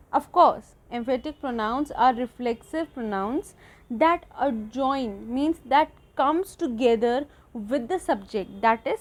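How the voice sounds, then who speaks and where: A woman with an Indian English accent, hosting a grammar video lecture for students and explaining step by step, repeating her example sentences. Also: high-pitched. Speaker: teacher, channel host.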